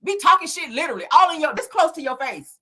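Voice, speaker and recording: A woman's voice: high voice, fast. A woman hosting a casual celebrity gossip show, sassy and profane, laughing often and talking straight to her viewers. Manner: animated, dramatic emphasis.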